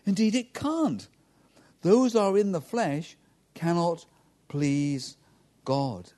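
A man's voice: sits high, slow, dark tone. A man, a pastor preaching a sermon directly and earnestly to his congregation.

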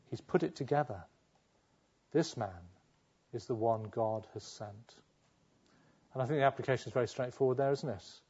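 A man preaching a sermon at a middle pitch. He asks his listeners rhetorical questions and acts out the voices he quotes. The recording is slightly dull and lo-fi. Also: dark tone.

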